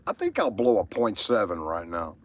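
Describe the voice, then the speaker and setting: Crude Southern man hosting a live stream, lively pitch, rambling storyteller. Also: moderate pace, a little hiss or hum. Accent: Southern American. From Southern United States. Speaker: livestream host.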